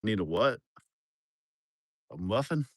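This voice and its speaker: Man, low voice, folksy rambling livestream chat, dry close sound. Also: takes it slowly, dry recording. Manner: rambling, folksy, with bursts of loud excitement. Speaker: livestream host.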